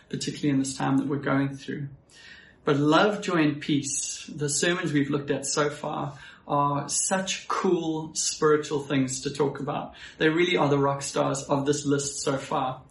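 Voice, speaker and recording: A man's voice: a little high, vocal fry, echoey room. A man with a South African accent preaching a friendly, conversational, self-deprecating sermon as a pastor.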